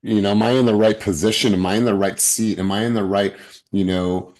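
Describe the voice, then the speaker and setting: A man's voice: on the low side, steady tone, brisk, a little mellow. A man hosting a motivational group video call, encouraging and upbeat in a pep-talk way.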